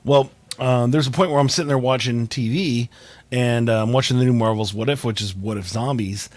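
A young man hosts a relaxed podcast chat over a video call. He rambles through his stories, full of ums, uhs and restarts. His voice sits at an ordinary, middle pitch. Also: a little fast, dry recording. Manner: rambling storyteller, many fillers and restarts. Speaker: podcast host.

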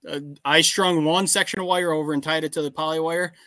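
A man hosting a casual podcast, speaking plainly about his farm and answering with quick short affirmations. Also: on the high side, steady tone, bright, forceful tone, dry recording. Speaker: podcast host and farmer.

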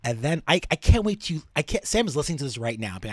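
A man co-hosts a podcast in playful, jokey chat. His pitch jumps around a lot, and his voice is mid-range. The recording is close and dry. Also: very animated, fast, no room sound. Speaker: podcast co-host. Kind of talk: casual chat.

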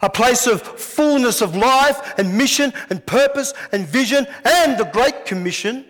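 Man, pastor preaching, high voice, animated storytelling, long hall echo. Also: measured pace. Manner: animated storytelling, acts out scenes. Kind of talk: sermon.

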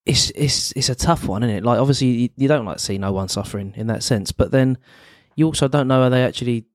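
A man's voice: medium pitch, quick pace, dry recording. Young man chatting, dry close sound. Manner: rambling storytelling with many restarts and tag questions. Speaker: podcast co-host. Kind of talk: casual chat.

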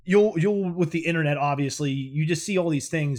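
Male podcast co-host, fairly high voice; casual, excitable, profane banter. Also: brisk. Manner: excitable, laughs often, swears freely. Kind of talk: casual comedic podcast chat.

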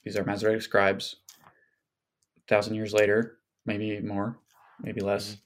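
A man's voice: fairly low pitch, monotone, measured pace. A man as a podcast guest, explaining things in a casual scholarly way with many fillers and hedges.

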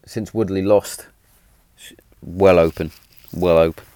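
A man's voice: deep voice, steady tone, takes it slowly, mellow, no echo. A man, telling stories in a blunt, chatty way, often repeating himself and swearing. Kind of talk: casual storytelling monologue.

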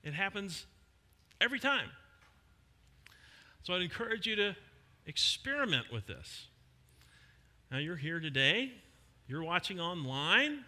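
A middle-aged male pastor preaching a sermon in a conversational way, with emphatic pauses on key words. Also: high-pitched, very animated, sharp tone. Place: church hall. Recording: long hall reverb.

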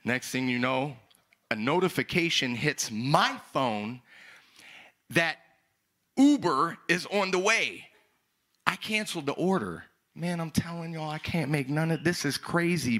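A young male pastor telling a story in a sermon, acting out dialogue with loud, animated outbursts. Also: fairly high pitch, a little slow.

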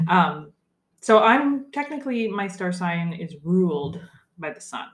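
Lower-voiced woman in an echoey room. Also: sing-song, unhurried. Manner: chatty, filler-heavy, drifts off topic. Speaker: podcast co-host. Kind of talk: casual chat.

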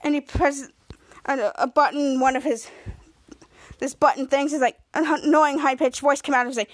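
A woman with a high voice hosts a casual podcast recap, walking through scene after scene. She rambles, stumbles over her words, and loops back on herself as she goes. The delivery is loose and chatty, not scripted. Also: steady tone, moderate pace. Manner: rambling, repeats itself often, restarts sentences. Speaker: podcast host.

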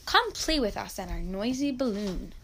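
A kind young girl from a children's storybook, as a woman reads her lines. She speaks softly and gently in a slightly high voice. Faint hiss hangs behind her. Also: expressive, unhurried. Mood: gentle. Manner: soft and kind.

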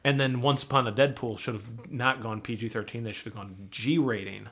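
A man's voice: medium pitch, fairly even intonation, fairly quick, a bit bright. A man co-hosting a podcast in casual chat, loose and profane, filling his talk with "like". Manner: loose, profane, heavy use of "like". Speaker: podcast co-host.

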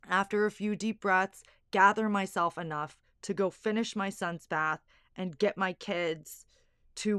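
A woman's voice: lowish voice, fairly bright tone, smooth, no room sound, clean studio sound. A young woman, a stay-at-home mom, candidly telling a personal story with lots of fillers. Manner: candid, emotional, filler-heavy.

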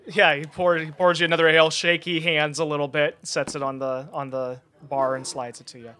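A man's voice: a little high, level tone, sharp tone. A man running a casual tabletop scene. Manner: casual, halting narration with fillers. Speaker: game master playing the innkeeper. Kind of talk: improvised tabletop narration.

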